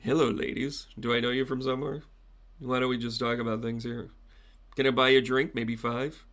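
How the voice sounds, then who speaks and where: A man voicing a flirtatious, distracted king who chats up women with smooth pickup lines. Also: mid-range voice, little pitch movement, brisk, fairly bright tone, close to an everyday voice. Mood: flirty.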